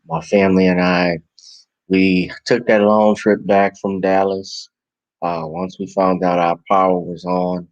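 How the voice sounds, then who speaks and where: A man's voice: low voice, gravelly, no room sound, highs cut off. A tired man with a New Orleans accent, talking casually on his live stream as a vlogger and podcast host, rambling and correcting himself. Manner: rambling, relaxed, self-correcting. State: tired and yawning.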